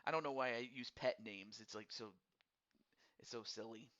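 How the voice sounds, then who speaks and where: A man's voice: mid-range voice, normal speed, fairly bright tone, highs cut off. A man hosting a casual live-streamed hockey draft, rambling and repeating words in a friendly, upbeat way.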